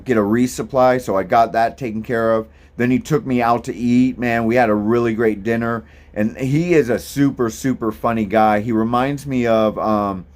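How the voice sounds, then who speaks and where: In this casual vlog monologue, a thru-hiker talks about his hike in a mid-range, slightly mellow voice. His delivery is easygoing and meandering, peppered with plenty of ums.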